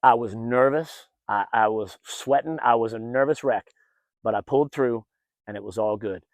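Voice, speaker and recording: A middle-aged man outdoors, telling a personal story in a casual, animated way and acting out what others said. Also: mid-range voice, moderate pace, dry recording. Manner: animated, acts out what others said, many restarts. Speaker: vlogger and former event announcer.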